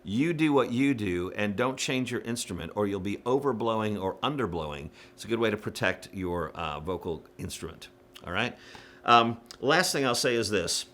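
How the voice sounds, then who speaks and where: A man's voice: fairly low pitch, lively intonation, moderate pace, fairly bright tone. A man giving frank, casual coaching to church singers, with plenty of fillers and little demonstrations. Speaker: worship music director. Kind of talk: instructional talk to church singers.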